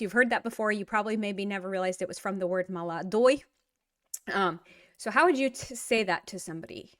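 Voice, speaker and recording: A woman's voice: mid-range voice, fairly bright tone. A woman hosting her own online language lesson, talking in an upbeat, chatty way with frequent fillers. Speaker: Russian language teacher.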